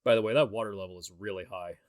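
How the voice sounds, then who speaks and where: Talking very fast in a low voice, a man records a rambling commentary track for a movie in a clean, echo-free studio. His style is casual and conversational, full of fillers and restarts.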